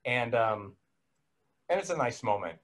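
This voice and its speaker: A man's voice: medium pitch, very animated, a bit bright. Young guy chatting on a podcast, rambly, keeps restarting sentences, laughs a lot. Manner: rambling, self-interrupting, quick to laugh. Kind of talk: casual chat.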